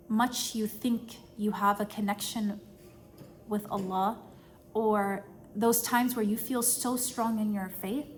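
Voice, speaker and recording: Woman teacher, 30s, slightly high voice, chatty class talk mixing in Arabic phrases, faint noise behind. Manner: conversational, sprinkled with Arabic phrases. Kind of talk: informal religious talk to a group.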